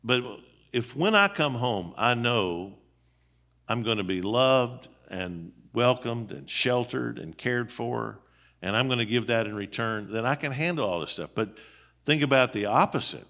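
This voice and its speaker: A man's voice: medium pitch, animated, measured pace, pushed and bright. A middle-aged man, a seminary dean, giving a conversational sermon on marriage in a folksy, emphatic way full of rhetorical questions. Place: church.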